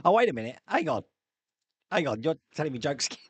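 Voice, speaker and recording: Man hosting chatty live-stream Q&A, lively pitch, slightly high voice, dry close sound. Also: fast, slightly rough, no echo. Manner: chatty, rambling, reads viewer comments aloud. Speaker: live stream host answering viewer questions. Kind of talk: casual chat. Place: home hobby room.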